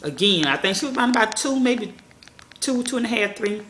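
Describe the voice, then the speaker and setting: A parenting vlogger chats from a small room at home, calling her viewers "y'all," swearing casually and rambling from thought to thought. Her high-leaning, expressive voice is a little fast and fairly bright, with slight background noise and an echoey room sound.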